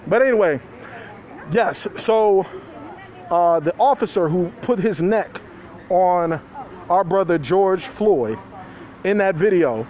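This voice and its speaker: Reporting live from a street protest, a man holds his phone in hand outdoors, speaking loosely and conversationally, chuckling and addressing his viewers. His voice is high with a darkish tone and plenty of animation, yet slow and full of pauses. Passing cars and faint street noise fill the background.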